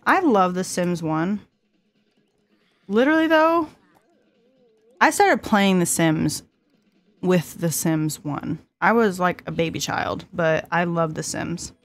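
A woman's voice: fairly low pitch, takes it slowly, long pauses, faint music behind. A woman in her twenties hosting a casual gameplay commentary, chatty and giggly, talking to her characters as she plays. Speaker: let's play host.

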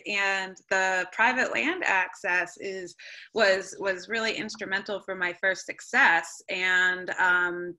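A woman moderating a webinar panel on a video call, upbeat and quick to laugh. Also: mid-range voice, bright, forceful tone.

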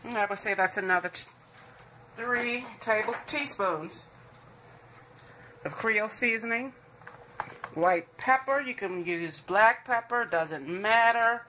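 A woman's voice: mid-range voice, slow pace, long pauses, bright, forceful tone, slight background noise. A woman hosting a home cooking show, walking viewers through a recipe in a chatty, reassuring way and calling them "guys".

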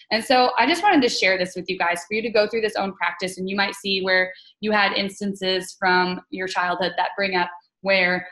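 A young woman speaks on a video call, sharing her own story with her team. She talks casually and candidly, backing up and restarting often with plenty of fillers. Her pitch sits in the ordinary middle range for a woman. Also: fairly bright tone, rough recording. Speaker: team leader on a group call.

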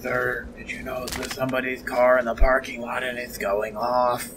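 A man's voice: mid-range voice, completely flat delivery, normal speed. Male let's-play commentator, casual and jokey, easily spooked, noisy background hum. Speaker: gameplay commentator.

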